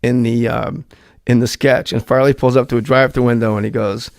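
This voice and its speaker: A man's voice: medium pitch, a little fast, clear, resonant tone, dry recording, clean studio sound. A man in casual podcast chat, telling stories animatedly and acting out quotes with frequent laughter. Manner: animated storyteller, acts out quotes, laughs often. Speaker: podcast guest, former comedy writer.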